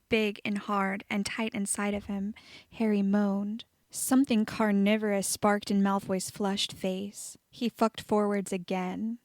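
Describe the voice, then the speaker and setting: A woman narrates a story in steady, even reading, her voice at an ordinary middle pitch. The sound is close and dry, recorded on a home microphone. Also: dry recording. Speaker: audiobook reader of fan fiction. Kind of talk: reading fiction aloud.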